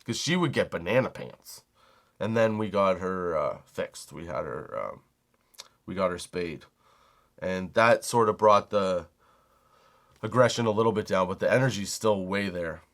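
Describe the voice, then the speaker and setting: A man's voice: low voice, a little slow. Brief: young male comic host, loose and rambling, profane, storytelling mode. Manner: rambling, animated, swears casually. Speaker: comedy podcast host. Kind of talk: casual storytelling monologue.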